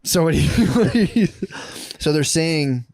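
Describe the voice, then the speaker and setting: A man's voice: on the high side, lively intonation, takes it slowly, darkish tone. A man co-hosting a podcast, retelling history in a rambling, profane way full of bro slang. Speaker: podcast co-host. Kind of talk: casual history storytelling.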